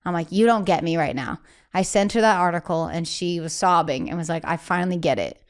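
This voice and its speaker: A woman singer talking candidly as a guest in a casual interview, chatty and animated, acting out the voices of people she quotes and filling her speech with "like". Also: lowish voice, a little fast.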